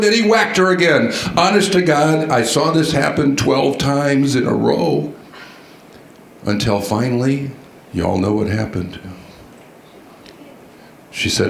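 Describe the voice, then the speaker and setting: A man giving a storytelling keynote at a conference, animated and quizzing the audience with questions. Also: mid-range voice, moderate pace, gravelly. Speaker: conference speaker. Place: large conference hall. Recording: echoey hall sound.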